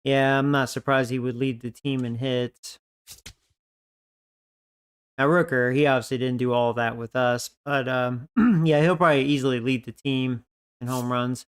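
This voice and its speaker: A man's voice: medium pitch, steady tone, moderate pace, clean tone, dry recording, studio quality. A man giving casual, profanity-laced commentary on a baseball video game, grumbling about his team. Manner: profane, grumbling, frustrated asides. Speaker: gaming video creator.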